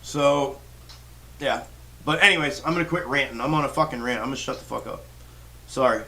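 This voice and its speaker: A man's voice: mid-range voice, fast talker, vocal fry, pushed and bright, far from the mic. A man hosting a stock trading livestream, ranting in a fired-up, profane way with lots of restarts. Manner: fired-up, swears constantly, rambling restarts. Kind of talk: profane live-stream rant.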